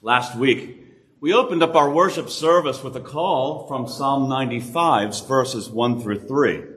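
A man's voice: on the low side, fairly bright tone. Solemn man leading a church prayer. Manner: solemn, measured, reverent. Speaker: worship leader. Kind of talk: call to worship and prayer.

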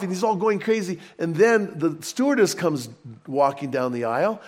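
A man preaching a sermon in a conversational, storytelling way with animated asides. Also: a little high, normal speed. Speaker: pastor.

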